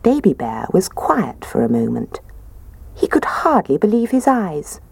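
A woman reading a children's story aloud in a gentle, expressive way. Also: on the low side, measured pace, gravelly, husky, no echo.

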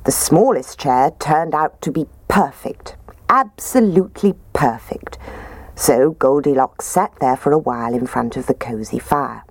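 A woman reading a children's storybook aloud in a gentle, expressive way. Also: very deep voice, unhurried, no echo.

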